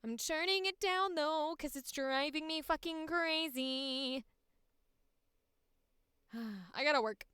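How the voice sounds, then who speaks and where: A woman's voice: high-pitched, slow, long pauses, bright, forceful tone, no room sound. A woman with a Midwestern accent, a voice actor chatting candidly and profanely on a livestream, close on a studio mic. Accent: Midwestern American. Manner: candid, profane, self-mocking. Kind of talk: casual livestream chat. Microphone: close studio microphone.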